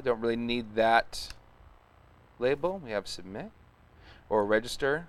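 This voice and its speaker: A man's voice: medium pitch, lively intonation, unhurried. A man thinking aloud as he codes on a live stream, muttering, humming and chatting casually. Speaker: live stream host coding. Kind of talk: casual live coding commentary.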